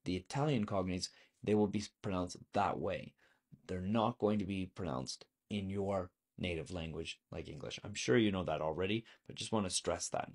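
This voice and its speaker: A man's voice: lowish voice, darkish tone. A man teaching a video lesson on French vocabulary, explaining patiently and asking the viewer questions.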